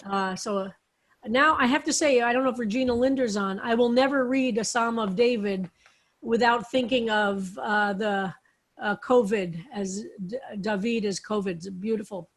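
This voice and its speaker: A woman's voice: on the high side, moderate pace. A woman rabbi leading an online psalm study, explaining Hebrew words and roots on a video call. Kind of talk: online Bible study class.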